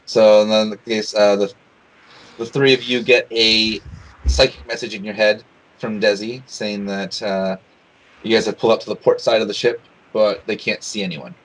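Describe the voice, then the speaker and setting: Low-voiced male game master. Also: fairly even intonation, normal speed, rough recording. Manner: hesitant, many restarts and fillers. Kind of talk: narrating a tabletop game.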